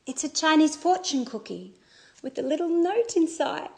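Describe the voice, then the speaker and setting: A woman's voice: sits high, animated, normal speed, creaky. Alice, an eager young woman in love. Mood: nervous. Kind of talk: scripted language-course drama.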